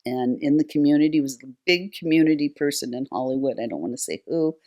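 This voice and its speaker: A woman's voice: deep voice, expressive, fast talker, mellow. An older woman, a guest on a talk show, telling long stories in a chatty way with many fillers and restarts. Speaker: guest, nonprofit founder. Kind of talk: conversational storytelling.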